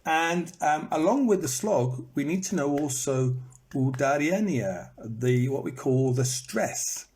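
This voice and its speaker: A man's voice: fairly high pitch, expressive, takes it slowly, darkish tone, a little hiss or hum. A man teaching in a live online lesson, repeating words to show their stress and breaking into bits of song, recorded on a phone. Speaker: English teacher.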